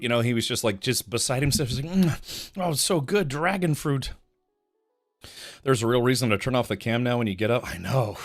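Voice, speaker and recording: A man streaming live, chatting casually with his chat while eating, laughing and murmuring with his mouth full. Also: mid-range voice. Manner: animated, laughing, savoring food aloud with mouth-full murmurs.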